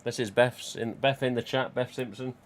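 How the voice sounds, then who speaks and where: A man's voice: medium pitch, fairly even intonation, moderate pace, a little hiss or hum. A man, casually chatting and rambling on a live stream from home. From England. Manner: rambling, chatty, reads out chat.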